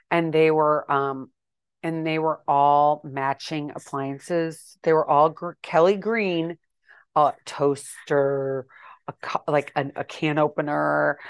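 A woman's voice: fairly low pitch, no echo. A middle-aged woman hosting her own podcast, rambling and self-deprecating in a casual monologue. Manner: chatty, rambling, self-deprecating, acts out quoted exchanges. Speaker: podcast host.

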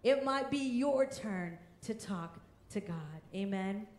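A woman's voice: medium pitch, expressive, slow pace, darkish tone, roomy sound. A woman in her thirties preaching a sermon as pastor, emphatic and fervent, often raising her voice.

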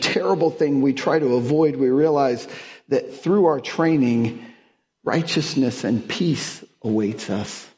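A man with a mid-range, slightly mellow voice preaches a sermon as a guest speaker. He weaves family stories and humor in with Bible verses, chuckling as he goes and building to emphatic peaks.

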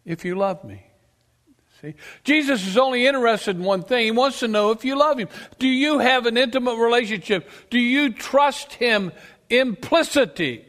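A male preacher with a very high-pitched, animated voice delivers an emphatic sermon at a moderate pace, rising and dropping sharply between loud declarations and quiet asides while questioning his congregation. A church hall's long reverb fills the recording.

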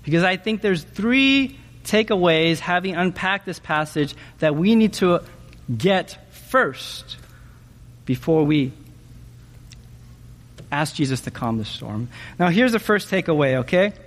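A man preaching a sermon in an animated way, often asking his listeners questions and checking in with them with "okay?". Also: high voice, measured pace, long reverb tail. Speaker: pastor.

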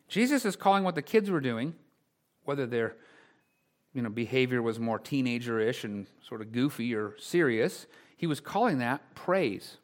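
A male pastor preaching a sermon in a conversational way, full of rhetorical questions, dropping to quiet asides and rising to loud exclamations. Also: on the high side, animated, a little fast.

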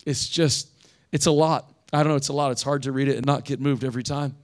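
A man's voice: medium pitch, steady tone, fast, a little mellow. Man preaching a conversational sermon. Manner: conversational preaching, reads scripture aloud with rising intensity. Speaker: pastor.

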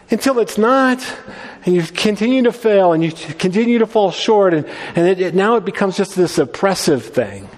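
A male pastor preaching in a loose, conversational style, stumbling over and restarting his phrases as he goes. His voice sits a little high for a man. The sound rings with the long reverb of a large hall. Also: lively intonation, normal speed. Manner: conversational, restarts often, quotes scripture. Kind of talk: sermon.

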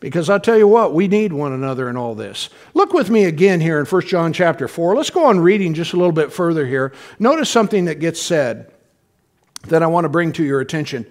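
A middle-aged pastor preaches to his congregation in a church sanctuary, keeping it conversational with frequent questions and chuckles. He talks fairly quickly in a fairly high voice with lively intonation.

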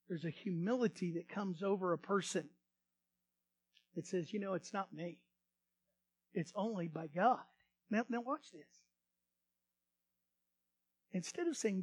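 A male pastor delivering a sermon in a high voice. He swings from loud, emphatic passages to quiet, hushed asides and has the congregation repeat lines after him. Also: a little slow, pauses often. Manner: repeats words when starting phrases.

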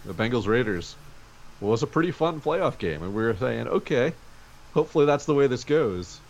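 A man's voice: mid-range voice, animated, moderate pace, gravelly, highs cut off. A man co-hosting a sports podcast from home over a video call, talking energetically in casual chat. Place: home during a snow day.

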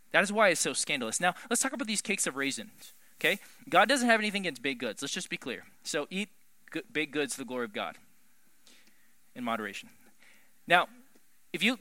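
High-voiced, emphatic male preacher. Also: no room sound. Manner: animated, emphatic, swings from loud to hushed. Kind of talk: sermon.

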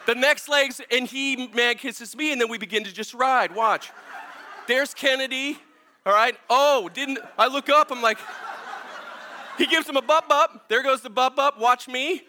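A male pastor preaching a sermon in a casual, animated way, laughing as he tells a story and talking with many fillers. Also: extremely high pitch, unhurried, slight background noise.

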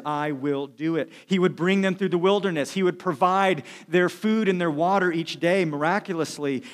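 A male pastor preaching a sermon earnestly, slowing and dropping quiet to stress key lines. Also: fairly high pitch. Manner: earnest preaching, slows and drops quiet for emphasis.

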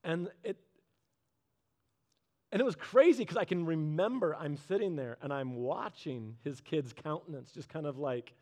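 A man preaching a sermon in a conversational way, asking the audience questions and slowing down low on key phrases. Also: expressive, a little mellow.

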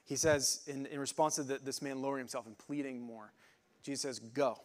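Casual, halting male preacher. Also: medium pitch, steady tone. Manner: informal, halting, many "like" fillers and restarts. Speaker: pastor. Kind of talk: conversational sermon with Bible word study.

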